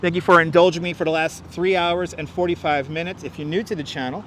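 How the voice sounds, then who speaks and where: A man's voice: on the high side, fairly even intonation, fast, hardly any pauses, a bit bright, slight background noise. A man hosting a live walking stream, chatting casually in a rambling way and often repeating himself, on a wireless clip-on mic outdoors. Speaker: livestream host. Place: outdoors on a city street.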